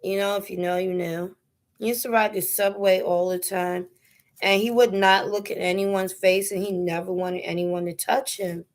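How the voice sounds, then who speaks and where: A young New Yorker with a mid-range voice and fairly even intonation is casually chatting on a phone livestream. Her New York accent comes through as she takes her time, drawing out her words, laughing frequently and slipping in slang.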